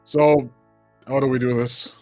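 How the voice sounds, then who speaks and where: A man's voice: medium pitch, level tone, measured pace, darkish tone, no room sound, soft background music. Hesitant young man playing a tabletop game. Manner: hesitant, repeats words, laughs easily. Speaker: player. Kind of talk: casual tabletop play.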